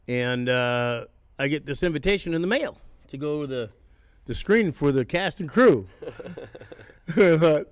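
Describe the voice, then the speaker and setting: A man in his sixties, a podcast guest spinning casual anecdotes. He swears freely and breaks into laughs mid-story. His voice sits at a middle pitch and sounds dry and close. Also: no echo. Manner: profane, laughs through his stories. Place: haunted attraction venue.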